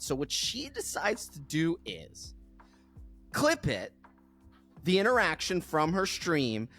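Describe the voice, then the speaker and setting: A fairly high-voiced man co-hosting a podcast in loose, casual chat. He laughs mid-sentence and keeps a sarcastic edge as he rambles through his points. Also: fairly bright tone. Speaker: podcast co-host.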